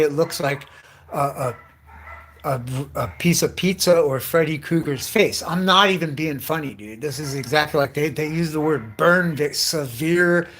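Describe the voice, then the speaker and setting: Man, livestream host, slightly high-pitched, constant swearing, run-on casual storytelling, faint background noise. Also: a bit bright. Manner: heavy profanity, loose run-on storytelling. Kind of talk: casual rambling livestream rant.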